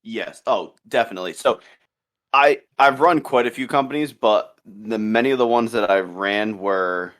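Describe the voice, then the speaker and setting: A man's voice: on the low side, normal speed, a bit bright. A man co-hosting a casual gaming podcast, laid-back and teasing. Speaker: podcast co-host.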